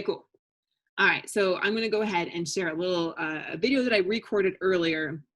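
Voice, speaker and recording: A woman in her thirties hosts a live online session over a video call. She talks in a relaxed, conversational way. Her voice sits fairly low. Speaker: webinar host. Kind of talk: casual live webinar hosting.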